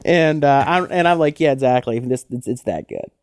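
A man co-hosting a podcast in casual chat, telling stories with lively acted-out quotes. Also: mid-range voice, moderate pace, clean tone, no room sound, studio quality. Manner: animated storyteller who acts out quotes. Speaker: podcast co-host.

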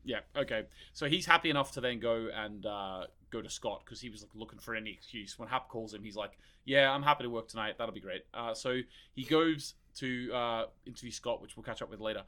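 Chatty man with a bright voice. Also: medium pitch, fairly quick, hardly any pauses. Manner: rambling, swears freely, many restarts. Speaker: podcast co-host. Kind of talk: casual chat.

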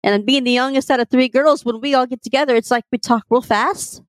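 A woman with a Texan accent, co-hosting a casual podcast and telling stories in a chatty, quick way. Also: high-pitched, fairly even intonation, no room sound. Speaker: podcast co-host.

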